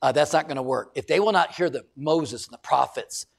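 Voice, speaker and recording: A middle-aged man preaching a sermon, emphatic and given to shouting, acting out what people say. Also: on the high side, fairly quick, vocal fry. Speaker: pastor.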